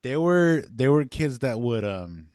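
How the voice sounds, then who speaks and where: A man's voice: medium pitch, sing-song, a little slow, darkish tone, no room sound, studio quality. A young man co-hosting a podcast, telling casual stories in a laid-back way full of filler words. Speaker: podcast co-host. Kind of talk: casual chat.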